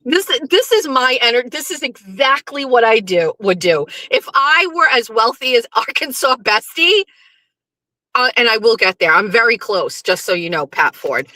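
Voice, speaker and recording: A woman's voice: on the high side, sing-song, normal speed, sharp tone, no echo. A middle-aged woman hosting a live show, chatting casually to her viewers, swearing and talking back to the chat. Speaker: livestream show host.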